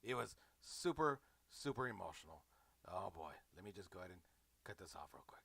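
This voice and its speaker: A man's voice: low voice, sing-song, fairly quick, vocal fry, sharp tone, slightly rough, no echo. A man giving a rambling, sarcastic comedic movie recap, mocking the fans. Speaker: movie reviewer.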